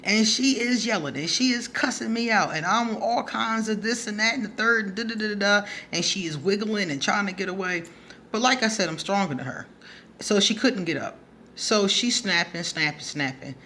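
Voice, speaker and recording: A woman's voice: medium pitch, bright, forceful tone, slight background noise. A woman vlogging advice, telling a story in a blunt, profane way and laughing often as she goes. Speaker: advice vlogger answering a subscriber. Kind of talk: casual storytelling monologue.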